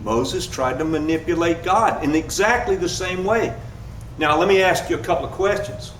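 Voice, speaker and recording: A man giving a sermon, telling a lively personal story and laughing at himself as he goes. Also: a little high, normal speed, slight background noise. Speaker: pastor. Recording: echoey room, mic at a distance.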